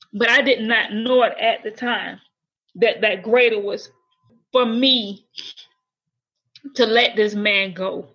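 A woman's voice: mid-range voice, sharp tone, breathy edge, muffled recording. Earnest woman telling her testimony. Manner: earnest, halting, repeats words. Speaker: guest sharing testimony. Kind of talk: emotional personal testimony.

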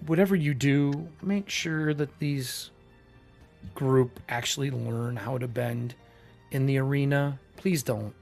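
A man voicing a remorseful middle-aged father who speaks in soft, earnest apologies. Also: mid-range voice, takes it slowly, vocal fry, soft background music. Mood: apologetic.

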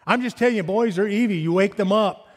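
A man in his fifties delivers a sermon in a high voice, animated and full of rhetorical questions. His words ring out with a long hall reverb, as in a church sanctuary. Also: fast. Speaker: pastor.

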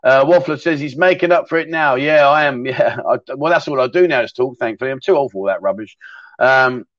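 A man's voice: mid-range voice, fairly quick, fairly bright tone, no room sound. A middle-aged man hosting a casual livestream, chatty and rambling as he reads out viewer comments and laughs easily. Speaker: livestream host. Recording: dull, dry sound.

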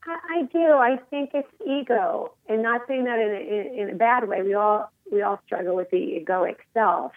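A woman in her forties speaks as a guest in a phone interview. Her voice comes over a thin, tinny phone line with no room sound at all. She talks in an emphatic, animated way. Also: medium pitch, moderate pace, hardly any pauses, no echo. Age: 40s.

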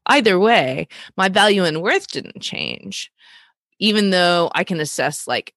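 A woman co-hosting a conversational talk, explaining ideas about relationships and stressing key points slowly. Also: on the low side, expressive, creaky, fairly bright tone, no room sound, clean studio sound.

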